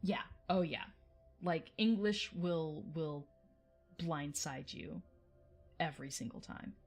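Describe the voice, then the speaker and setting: Low voiced woman just rambling at her stream chat, laughs a lot. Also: slow pace, vocal fry, husky, soft background music. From United States. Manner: chatty, tangential, laughs often. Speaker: livestream host. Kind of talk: casual livestream chat answering viewers.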